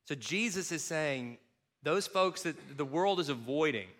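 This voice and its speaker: A middle-aged pastor from Kentucky, USA, preaches a sermon that blends funny personal stories with scripture. His voice sits on the high side and moves a little slowly. He's animated, using self-mocking humor and putting on quoted voices.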